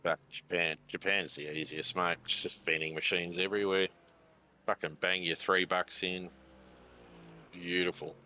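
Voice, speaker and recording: A man's voice: low voice, level tone, unhurried, bright, forceful tone, a little hiss or hum. A man making laid-back, dry quips in casual chat with teammates.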